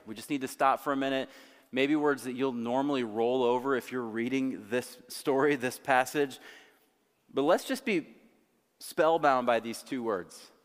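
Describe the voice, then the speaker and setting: A male pastor delivering a sermon, slowing down dramatically to stress key words. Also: mid-range voice. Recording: long hall reverb.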